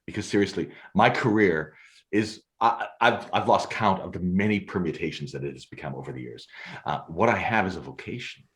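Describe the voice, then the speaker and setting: A man's voice: low voice, brisk. A man, a podcast guest telling stories in a theatrical way and laughing often. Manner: lively, theatrical, laughs often, acts out scenes. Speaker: guest, storyteller and photographer. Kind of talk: animated storytelling.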